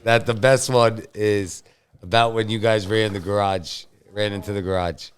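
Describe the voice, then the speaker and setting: A man's voice: on the low side, fairly even intonation, normal speed, smooth. A man in casual podcast chat who eagerly prods the others to tell stories and swears freely. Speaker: podcast guest.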